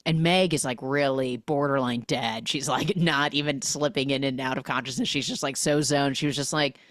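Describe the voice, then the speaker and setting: A woman's voice: low-pitched, moderate pace, few pauses, no room sound, studio quality. A woman hosting a podcast, animatedly recapping a film, acting out the characters' lines and humming the score.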